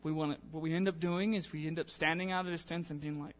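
A young man preaching a sermon in a church in a casual, animated way, acting out the people he quotes. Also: a little high, quick pace. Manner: animated, conversational, acts out quotes. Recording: long church-hall reverb.

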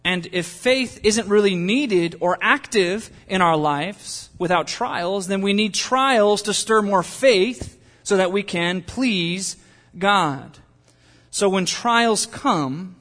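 Male pastor, sermon, conversational then impassioned, high-pitched, reverberant hall. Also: a bit bright. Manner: conversational preaching, rising to impassioned pleas.

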